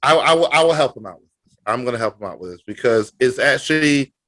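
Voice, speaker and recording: Male podcast co-host, mid-low voice, brash and stumbling, dry close sound. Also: no room sound. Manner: boastful, animated, halting with many fillers. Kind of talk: casual sports podcast chat.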